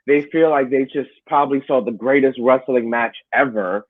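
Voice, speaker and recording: A man, a wrestler, talking in a casual interview, telling animated stories and laughing along the way. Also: medium pitch, moderate pace, dry recording, phone-quality sound. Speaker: wrestler guest.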